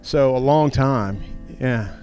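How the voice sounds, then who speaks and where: A man's voice: mid-range voice, slow, a little mellow, soft background music. Friendly American man from Arkansas. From Arkansas, United States. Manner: friendly, a bit hesitant with repeats. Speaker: podcast listener, guest. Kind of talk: casual interview. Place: outdoors in the wilderness.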